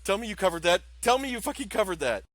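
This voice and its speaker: A man's voice: high-pitched, big pitch swings, fast, fairly bright tone, pitched above the performer's own voice. A man voicing a nervous, grumbling male starship pilot who talks in frantic, insistent bursts. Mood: anxious.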